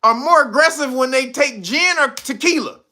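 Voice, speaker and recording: A man's voice: very high-pitched, expressive, normal speed, pushed and bright, slight background noise. A man hosting his own channel, giving mocking comedic commentary, laughing often and swearing freely. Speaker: channel host.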